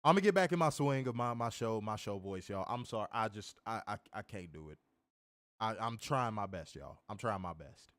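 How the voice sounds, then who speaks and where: A wrestling-review podcast co-host rants casually, exasperated, sarcastic and profane, calling his listeners y'all. His lowish voice is expressive and fairly bright at normal speed, captured as clean studio sound with no room sound.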